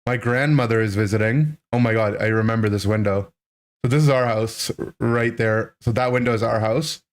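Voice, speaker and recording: A man's voice: lowish voice, normal speed. Rambling man telling a childhood story. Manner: animated, rambling, full of "right?" and "like". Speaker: streamer. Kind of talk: casual storytelling to a live chat.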